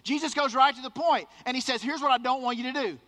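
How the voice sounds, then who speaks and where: Emphatic high-voiced male preacher in a hall. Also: fast, sharp tone. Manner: emphatic, repeats words for stress. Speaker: pastor. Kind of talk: sermon.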